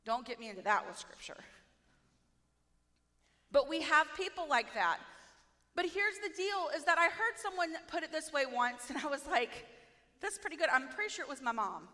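A woman preaching a sermon in a playful, self-mocking, animated way. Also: high-pitched, moderate pace, pauses often, long reverb tail.

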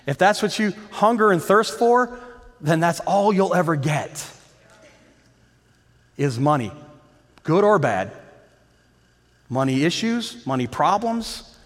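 High-voiced preacher in a reverberant hall. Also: male voice. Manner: impassioned preaching with repeated phrases and rhetorical questions. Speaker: pastor. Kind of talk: sermon.

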